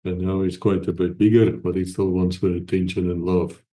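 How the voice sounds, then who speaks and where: A man's voice: sits low, flat delivery, a little fast, dark tone. A middle-aged man, hosting his channel at home, chatting casually and rambling with hesitant fillers. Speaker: channel host. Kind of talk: casual chat to camera. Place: at home with a pet cat.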